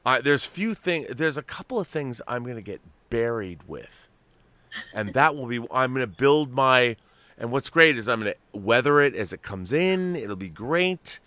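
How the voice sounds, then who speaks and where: A middle-aged American man hosting a casual chat, rambling and animated, full of restarts. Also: medium pitch, normal speed, dry recording. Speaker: host.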